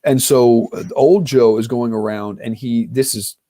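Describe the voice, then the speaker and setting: A man's voice: medium pitch, a little slow, mellow, no room sound, clean studio sound. A man co-hosting a podcast, chatting casually about a film and thinking aloud as he rambles. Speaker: podcast co-host. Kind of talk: casual film-discussion chat.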